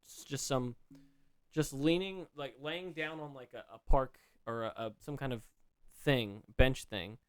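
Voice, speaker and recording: A man at a middle pitch with a smooth, clean voice, chatting casually on a podcast. He rambles through a recap, restarting sentences and leaning on fillers as he goes. The sound is dry and close, with no room around it. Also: measured pace, no echo. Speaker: podcast co-host. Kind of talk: casual chat.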